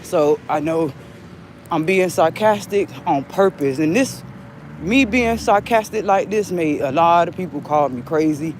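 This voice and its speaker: A woman's voice: fairly low pitch, lively intonation, unhurried, a little mellow, slight background noise. A middle-aged woman vlogging live while walking outdoors, rambling in a defiant, agitated and profane way. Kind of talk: rambling live vlog monologue.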